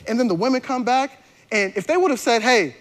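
A man's voice: very high-pitched, expressive, quick pace. A male pastor preaching a sermon in a conversational, slangy way, often restarting his sentences.

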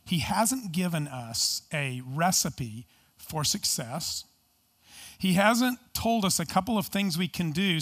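High-pitched guy preaching, earnest and emphatic, lots of rhetorical questions. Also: a bit bright, breathy edge. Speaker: pastor. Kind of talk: sermon.

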